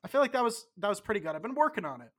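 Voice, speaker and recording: A man's voice: high voice, very animated, very fast. A man co-hosting a podcast, a bit tipsy, rambling and swearing with lots of stumbling restarts. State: tipsy from drinking. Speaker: podcast co-host. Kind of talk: casual podcast banter.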